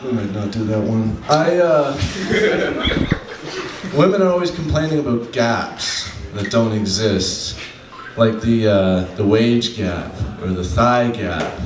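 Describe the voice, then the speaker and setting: A man doing a stand-up comedy set on a club stage, deadpan, slowing down for his punchlines. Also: lowish voice, background noise. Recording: echoey room from a distant mic, faint ambience.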